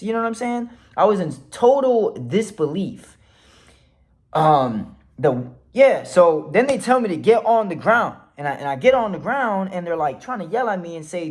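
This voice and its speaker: Animated man telling a wild story. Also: on the high side, moderate pace. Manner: animated, swears freely, acts out quotes. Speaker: vlogger. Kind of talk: casual storytelling to camera.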